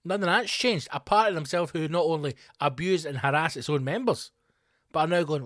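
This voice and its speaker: A man's voice: a little high, expressive, brisk, fairly bright tone, no room sound, studio quality. A man hosting his own podcast, delivering a sweary, sarcastic comedic rant. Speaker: podcast host. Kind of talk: ranting comedic monologue.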